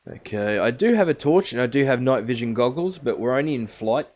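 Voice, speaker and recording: A man's voice: mid-range voice, lively intonation, a little fast, a little mellow. A man streaming a survival game live, casually explaining each step to his viewers. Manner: chatty, explains steps to viewers.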